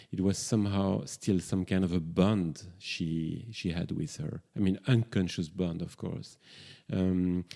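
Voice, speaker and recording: Male therapist, low creaky voice, reflective monologue with frequent pauses and fillers. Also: warm tone. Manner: halting, searching for words with many fillers.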